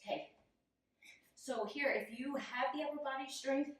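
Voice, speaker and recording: A woman's voice: sits high, a little slow. A young woman teaching yoga while doing the poses, chatty and laughing at herself, out of breath as she moves. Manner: giggly, self-deprecating, chatty. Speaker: yoga instructor. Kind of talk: guided yoga instruction while demonstrating. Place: room, instructor moving on a mat. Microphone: camera mic at a distance. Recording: very echoey room, voice from far off.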